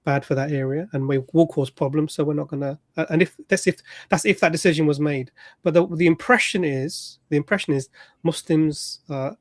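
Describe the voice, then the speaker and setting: A man's voice: fairly high pitch, a little fast, no echo, clean studio sound. A man hosting an online panel discussion, explaining a claim with emphasis.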